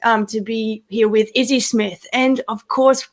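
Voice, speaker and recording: A woman's voice: fairly high pitch, steady tone, unhurried. An Australian woman co-hosting a livestreamed webinar, bubbly and effusive with lots of ums. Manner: bubbly, effusive, many fillers. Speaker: co-host.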